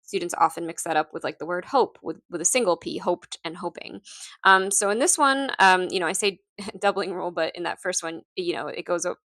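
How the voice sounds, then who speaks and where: A woman's voice: lowish voice, expressive, fairly quick, fairly bright tone, dry recording. A woman teacher explaining her lesson packets in a casual, hesitant way with frequent ums. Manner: hesitant, many ums and restarts, light laughs. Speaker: teacher presenting her materials. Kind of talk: casual instructional walkthrough.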